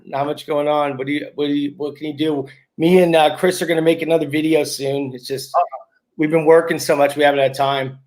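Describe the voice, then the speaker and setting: A man's voice: a little high, steady tone, fairly quick, darkish tone. A man on a video call, complaining in a weary, exasperated way. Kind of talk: casual video call chat.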